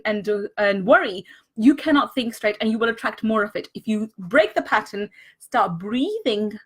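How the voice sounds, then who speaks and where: Woman, bright high voice, earnest live-stream coach, leans on repetition. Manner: earnest, repeats words for emphasis; greets viewers and thanks them mid-talk. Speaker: money mindset coach.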